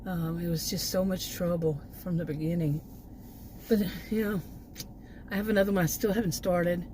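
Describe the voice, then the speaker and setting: A woman vlogger with a worn, hoarse voice, chatting in a rambling casual way from inside her car, often restarting her sentences and laughing softly. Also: on the low side, fairly even intonation, normal speed, rough recording. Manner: meandering, frequent restarts and soft laughs. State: voice worn out, hiccups. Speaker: vlogger doing food deliveries. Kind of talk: rambling casual chat while driving. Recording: loud car noise behind.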